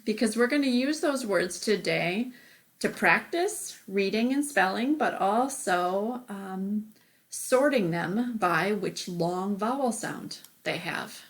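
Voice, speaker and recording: A woman's voice: medium pitch, lively intonation, slow pace. A woman teacher giving a remote phonics lesson, patient and step by step, often saying okay.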